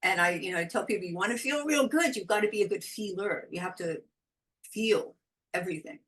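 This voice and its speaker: Expressive woman chatting as a guest. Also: mid-range voice, fairly quick. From California. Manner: expressive, animated, laughs often. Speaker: podcast guest, intuitive guide. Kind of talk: casual interview chat.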